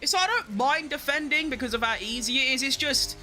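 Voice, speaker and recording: A man giving excitable, self-mocking live commentary while playing a racing game, talking to himself as he drives. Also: extremely high pitch, brisk, soft background music. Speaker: gaming streamer.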